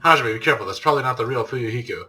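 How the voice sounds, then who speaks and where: A man voicing an eerily polite, creepy young man who talks in a calm, matter-of-fact way. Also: mid-range voice, racing, slight background noise. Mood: calm, eerie.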